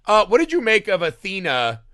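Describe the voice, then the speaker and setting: A man's voice: high voice, wildly swooping pitch, a little fast, sharp tone, dry recording, studio quality. A man co-hosting a casual movie podcast, riffing loosely, acting out scenes in silly voices and swearing freely. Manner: swears often. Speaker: podcast co-host. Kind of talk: casual movie review chat.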